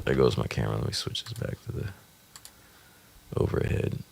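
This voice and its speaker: Low gravelly man thinking aloud over a beat. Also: steady tone, normal speed, a little mellow. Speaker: music producer. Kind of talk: casual talk while writing a song.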